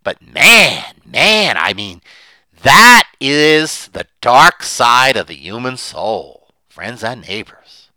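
Guy with a real bright voice rambling on, swings up high and loud, dry close sound. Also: big pitch swings, slow pace, no room sound. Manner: rambling, repeats words, swells loud and high when indignant. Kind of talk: casual monologue.

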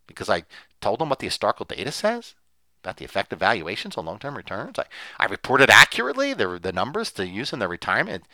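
A man's voice: medium pitch, wildly swooping pitch, quick pace, bright, forceful tone, dry recording, rough recording. A man delivering an impassioned solo monologue as a commentator, emphatic and sarcastic, often repeating himself.

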